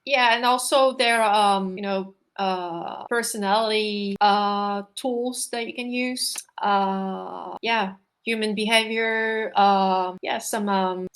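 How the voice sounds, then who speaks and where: A woman's voice: mid-range voice, fairly even intonation, takes it slowly, few pauses, a bit bright. Woman guest with a non-native accent. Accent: non-native English. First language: not English. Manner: hesitant, many fillers and restarts. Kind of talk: live interview.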